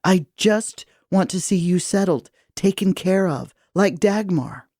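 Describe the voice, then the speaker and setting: A woman's voice: lowish voice, expressive, measured pace, warm tone, husky, dry recording, clean studio sound, full character voice. A woman reading the part of an aging nobleman father who lectures his daughter in a stern, weary way. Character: gruff worried aging male nobleman father.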